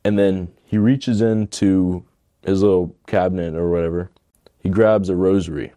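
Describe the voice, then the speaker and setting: A man's voice: deep voice, steady tone, moderate pace, mellow, dry recording. A young man telling his personal testimony in a casual, rambling way, earnest and emotional, filling his speech with "like". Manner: rambling, fills with "like".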